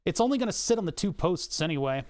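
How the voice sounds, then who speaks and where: A man's voice: high voice, big pitch swings, quick pace, darkish tone. A man hosts a casual livestream, narrating his work at the desk with a slightly raised voice. He rambles, pokes fun at himself and trades jokes with the chat between steps. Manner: rambling, joking asides to chat, self-mocking. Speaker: streamer.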